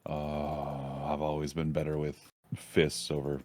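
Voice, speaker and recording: A man's voice: very deep voice, monotone, unhurried, a little mellow, no room sound, studio quality. A man playing a tabletop game, talking in a laid-back, slightly hesitant way. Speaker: player.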